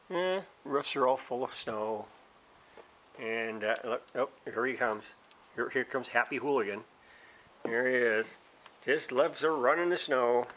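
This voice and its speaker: Out in his snowy yard, a man narrates a home video for his vlog, rambling and chatty, and he talks to his dog in a high sing-song voice. He's cold, his fingers are freezing, his tone is sharp, and slight background noise can be heard.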